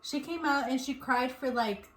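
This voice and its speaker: Animated young woman in an echoey room. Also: high-pitched, normal speed. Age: 20s. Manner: animated storytelling, laughs often. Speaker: vlogger and new mother. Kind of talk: casual chat. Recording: echoey room with faint noise.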